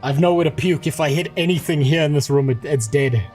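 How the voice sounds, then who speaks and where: A male streamer with a slightly high voice talks off the cuff from a small room at home, rambling, swearing freely and poking fun at himself. He sounds a little queasy after being sick, and soft music plays faintly behind him. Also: fairly quick. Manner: profane, rambling and self-mocking. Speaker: livestreamer. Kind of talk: casual livestream chat.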